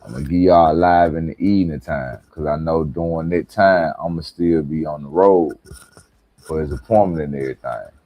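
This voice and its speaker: A man hosting a live reaction stream, talking to viewers in relaxed slang. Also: a bass voice, moderate pace, no room sound. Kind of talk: casual live-stream talk.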